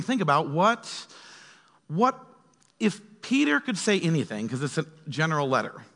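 A man with a slightly high voice teaches the Bible in a casual, chatty way. He animates his quotes with lively little voices. The sound carries a long reverb from a big hall. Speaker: pastor.

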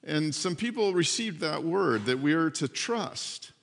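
A man preaching a sermon as pastor, telling a story in an animated way and acting out the voices in it. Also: a little high, a little slow, gravelly, big-room sound.

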